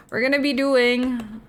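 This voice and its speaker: A young adult woman streaming, chatting casually with her viewers in a relaxed, drawling way, often saying "bro" and yawning. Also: a little high, a little hiss or hum. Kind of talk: casual chat with viewers, reading chat aloud.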